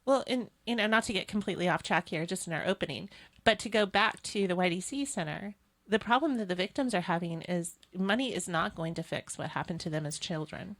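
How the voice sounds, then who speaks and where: A woman's voice: fairly low pitch, fairly quick, fairly bright tone. Earnest, opinionated talk show host woman. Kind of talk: political talk show discussion.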